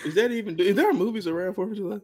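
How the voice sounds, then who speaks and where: A young man co-hosting a podcast in casual chat, an animated storyteller who acts out voices and laughs a lot. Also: high-pitched, racing. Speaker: podcast co-host.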